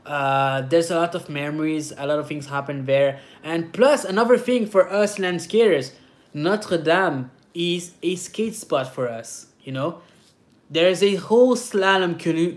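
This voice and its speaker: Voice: mid-range voice, measured pace. A native French speaker with a French accent, hosting a casual livestream as a skater, chatting and reading comments with many hesitant filler sounds. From France. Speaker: livestream host, slalom skater. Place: home in Paris.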